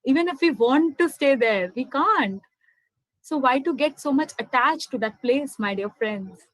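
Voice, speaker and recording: A woman's voice: high-pitched, animated, unhurried, dry recording, poor audio. A young woman with an Indian accent, earnestly telling a personal spiritual story and calling her listeners "my dear friends.". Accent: Indian English. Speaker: spiritual speaker. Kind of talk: motivational personal testimony.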